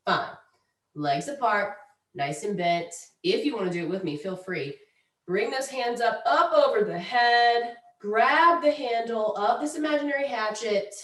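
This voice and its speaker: A woman teaching calming breathing exercises in a chatty, playful way, demonstrating each one aloud. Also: on the high side, unhurried. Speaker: mindfulness instructor. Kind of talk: casual instructional talk.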